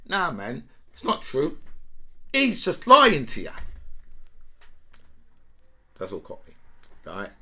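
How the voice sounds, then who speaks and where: A man's voice: mid-range voice, bright, forceful tone. A man giving heated political commentary. He talks emphatically, swears, and keeps asking "right?".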